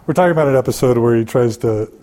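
Relaxed, mellow-voiced male interviewer. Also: medium pitch, rapid-fire. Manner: probing, relaxed questions. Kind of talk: casual interview talk.

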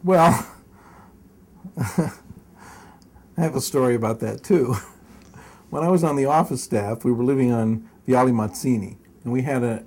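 Older guy telling old stories in an interview, husky dark voice, rambles and laughs a bit. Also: mid-range voice. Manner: rambling, self-correcting, chuckles while telling stories. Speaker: interview guest. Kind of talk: storytelling in a long interview.

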